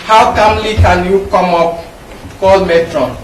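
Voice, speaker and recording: A man's voice: sits high, fairly even intonation, a little slow. Middle-aged Nigerian man lecturing in an echoey hall. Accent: Nigerian English. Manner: emphatic, repetitive, anecdotal teaching. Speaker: medical professor lecturing. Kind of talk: public lecture. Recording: echoey hall, mic from far off, faint background noise.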